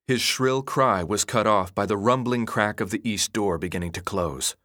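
A man reading a novel aloud in a dramatic, expressive narration style. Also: lowish voice, moderate pace, hardly any pauses, dry recording, clean studio sound. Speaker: audiobook narrator. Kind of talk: scripted narration.

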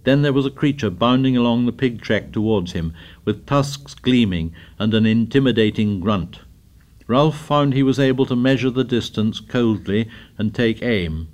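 A man's voice: lively intonation, moderate pace, darkish tone, muffled recording. Man reading a novel aloud. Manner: lifts his voice for the boys' dialogue, drops low for narration. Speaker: audiobook narrator. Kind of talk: scripted narration with character voices.

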